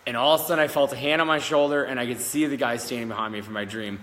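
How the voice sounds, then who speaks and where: A man's voice: medium pitch, fairly even intonation, rapid-fire, fairly bright tone, in a large hall, a little hiss or hum. A man working as a psychic medium, telling a story casually to camera in a rambling, giggly way with many fillers and restarts. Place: old schoolhouse in the country, indoors.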